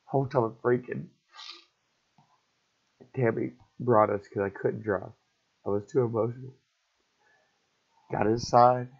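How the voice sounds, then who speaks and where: Middle-aged man, husky and raw, telling a painful story in fits and starts; muffled lo-fi recording. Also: mid-range voice, steady tone. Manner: halting, repetitive, raw. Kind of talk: emotional personal story. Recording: dull lo-fi recording.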